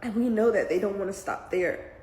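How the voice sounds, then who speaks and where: A woman's voice: medium pitch, fairly quick, darkish tone. A mother giving earnest, emotional commentary to camera, near tears as she speaks. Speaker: parent reacting to news. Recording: echoey room with faint background noise.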